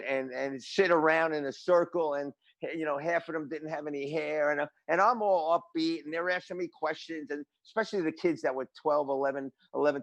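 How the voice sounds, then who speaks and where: An older man, a guest drummer telling stories in a casual interview, animated and rambling with many restarts. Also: a little high, no room sound, highs cut off.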